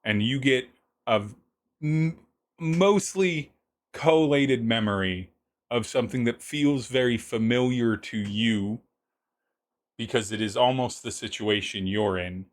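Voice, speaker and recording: A man with a lowish voice narrates a tabletop roleplaying game as game master, describing scenes haltingly and restarting often.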